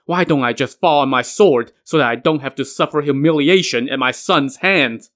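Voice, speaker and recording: A man voicing a harsh, cowardly middle-aged general and father who speaks gruffly, in a podcast myth retelling. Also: medium pitch, expressive, normal speed, close to an everyday voice. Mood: despairing. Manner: gruff, then despairing.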